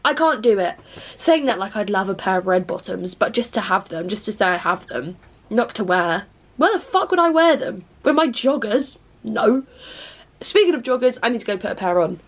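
A woman's voice: mid-range voice, lively intonation, moderate pace. A young English woman vlogging in casual chat, self-mocking and swearing often, sometimes slipping into song. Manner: bursts into snatches of song. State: tired, low-voiced at night.

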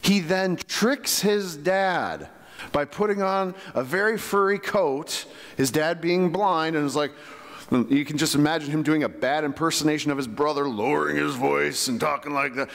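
A pastor preaching in a casual, conversational way, tossing rhetorical questions at his congregation. His voice sits fairly high for a man and rings with a long church reverb. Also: normal speed, gravelly, fairly bright tone. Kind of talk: sermon. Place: church sanctuary.

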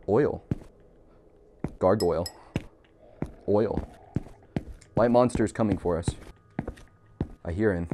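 A man's voice: fairly low pitch, slow, pauses often. Guy playing a scary game, jumpy n joking, swears a lot, some faint noise behind. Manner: nervous, jokey and profane, talks to himself. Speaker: gamer. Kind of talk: horror game commentary.

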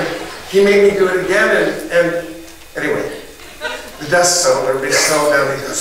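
A middle-aged motivational speaker with a fairly high, quick voice tells a story during a keynote in an event hall before a live audience. He acts out his neighbors with loud, shouted voices, full of animation. The recording is distant, echoey, and noisy.

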